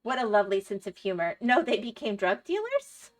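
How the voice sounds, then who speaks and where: A woman's voice: medium pitch, very animated, a little fast, faint music behind. A middle-aged woman livestreaming, chatting casually and rambling through stories, laughing often and answering her chat. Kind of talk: casual chat while gaming.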